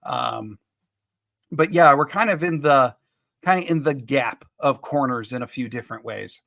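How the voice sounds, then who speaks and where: A man's voice: medium pitch, creaky, fairly bright tone, no room sound, clean studio sound. Upbeat man hosting a live chat. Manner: upbeat, quick asides to viewers, chuckling. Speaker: podcast host. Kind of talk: live-stream chat reading comments.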